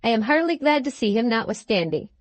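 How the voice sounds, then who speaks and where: A woman voicing a hearty, jolly old country gentleman in an audiobook reading, speaking in a booming, exclamatory way. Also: big pitch swings, fast. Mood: jovial.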